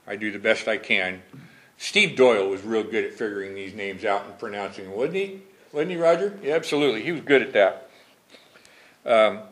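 A man's voice: mid-range voice, bright, forceful tone. A man preaching a Bible study. He reads scripture verses formally, then comments on them in a conversational way and asks his congregation questions.

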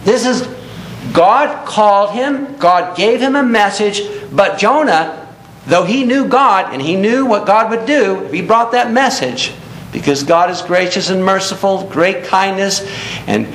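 A man's voice: lively intonation, a little slow, fairly bright tone. A man preaching a sermon in earnest tones, reading scripture aloud and explaining it to a congregation. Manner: earnest, reads scripture aloud in King James wording. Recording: echoey room with faint rumble.

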